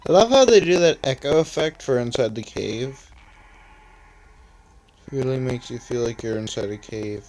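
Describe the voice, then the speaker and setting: A man's voice: mid-range voice, expressive, moderate pace, pauses often, darkish tone, low-quality recording. An eighteen-year-old man from Canada, rambling through casual gameplay commentary, often correcting himself mid-sentence. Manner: rambling, self-correcting, chatty asides. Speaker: let's play host. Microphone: phone screen-recorder mic.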